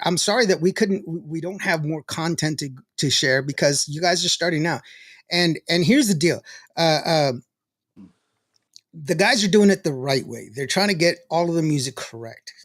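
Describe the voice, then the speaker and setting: A man's voice: a little high, normal speed, dry recording, studio quality. A male show host in casual on-air chat who laughs often, reads out listener greetings and tells stories.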